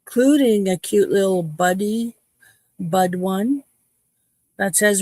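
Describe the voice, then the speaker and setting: Cheeky gravelly-voiced woman in her fifties. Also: mid-range voice, slow, mellow, dry recording. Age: 50s. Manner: cheeky, playful, chatty. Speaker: livestream host. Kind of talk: casual chat with viewers.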